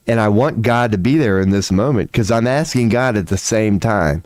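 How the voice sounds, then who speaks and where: A man livestreaming from home, telling a long story in a rambling, animated and profane way, laughing often. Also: on the low side, moderate pace, hardly any pauses, no echo. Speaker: livestream host.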